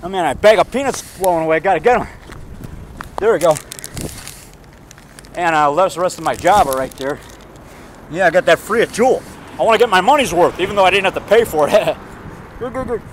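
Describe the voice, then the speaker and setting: Casual male vlogger, high-pitched voice, rambling and jokey, faint traffic behind him. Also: lively intonation, a little fast, long pauses, low-quality recording. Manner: rambling, jokey, chuckles at own jokes.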